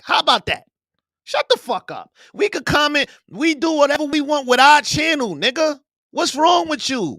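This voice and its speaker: Man hosting a live stream, high bright voice, swooping pitch, dry close sound, profane heated rant. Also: moderate pace, no echo. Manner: loud, profane, animated, yelling at times. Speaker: podcast host.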